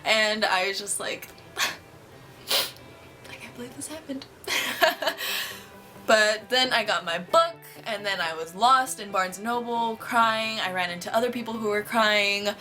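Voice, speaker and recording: A woman vlogger telling a story to camera in an excited, gushing way, with lots of "like". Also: medium pitch, moderate pace, hardly any pauses, faint music behind.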